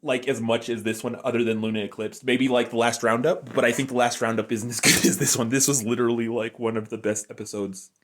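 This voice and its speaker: A man's voice: medium pitch, steady tone, quick pace, few pauses. Rambling man, filler-heavy. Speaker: show reviewer. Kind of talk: unscripted casual review.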